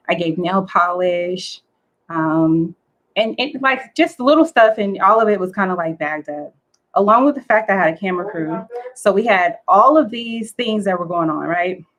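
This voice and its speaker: A woman, a guest, telling a story in a casual, excitable, chatty way with lots of fillers. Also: lowish voice, rough recording. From United States.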